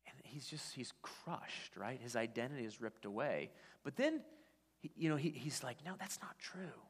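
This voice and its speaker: A man's voice: mid-range voice, very animated, normal speed, slightly rough. A man preaching a sermon, telling a story conversationally with frequent restarts. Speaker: pastor. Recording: long church-hall reverb.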